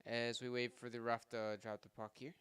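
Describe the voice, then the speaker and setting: Bright-voiced man calling hockey play-by-play. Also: mid-range voice, level tone, clear, resonant tone, no echo, clean studio sound. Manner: rapid play-by-play that jumps louder on shots and goals; chatty asides to listeners. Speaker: podcast host doing live play-by-play. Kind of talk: live hockey play-by-play commentary.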